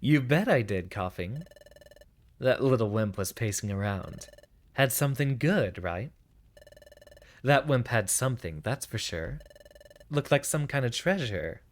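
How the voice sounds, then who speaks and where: A man plays a gruff, scheming bat creature with a Brooklyn hooligan accent. He sneers in a low, rough tough-guy voice with a lively swing in pitch. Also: unhurried, long pauses, lightly acted.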